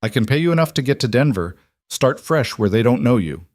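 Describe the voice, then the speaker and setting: A man's voice: medium pitch, big pitch swings, fairly quick, a little mellow, no echo, clean studio sound, voice pushed up, natural voice. A man voicing a hardened, grim male rancher and war veteran who speaks in short, clipped lines. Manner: terse, clipped.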